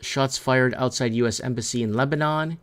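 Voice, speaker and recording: A man's voice: medium pitch, moderate pace, fairly bright tone. A man hosting a talk show, reading through news headlines and commenting in a rambling, emphatic way that often stumbles over words. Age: adult parent of three. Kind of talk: casual news commentary while browsing headlines.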